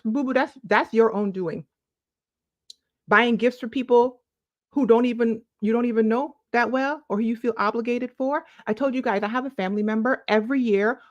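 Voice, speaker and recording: A lifestyle vlogger talks to the camera in a laid-back, preachy motivational chat, fondly calling her viewers "boo-boo" and stretching words out for emphasis. Her voice is fairly high, and the audio is dull with no room sound.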